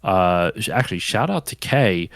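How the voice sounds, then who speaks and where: A man's voice: low-pitched, sing-song, moderate pace, fairly bright tone, no echo. A man hosting a podcast in casual chat, rambling with lots of fillers and restarts. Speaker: podcast host.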